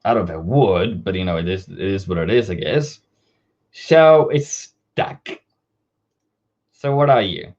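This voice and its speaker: A man's voice: deep voice, lively intonation, measured pace, long pauses, a little mellow. A man giving a live forex market analysis, talking casually and directly to his viewers. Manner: casual, direct, talks to viewers as "bro" and "my brother". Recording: dull lo-fi stream audio.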